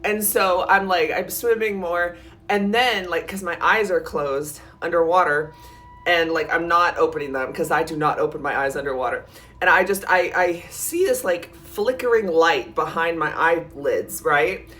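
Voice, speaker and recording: A woman tells a storytime vlog in a bright, sharp voice. She talks in breathless, animated runs packed with "like" and jumps suddenly higher when the fear comes back. At times she sounds close to tears. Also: moderate pace. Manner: animated, breathless retelling full of "like", jumps in pitch when scared. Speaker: vlogger.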